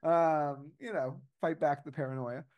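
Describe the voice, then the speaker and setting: A man's voice: fairly high pitch, steady tone, measured pace, muffled recording. A man in casual podcast chat, telling a story in a rambling, hesitant way with many fillers and restarts.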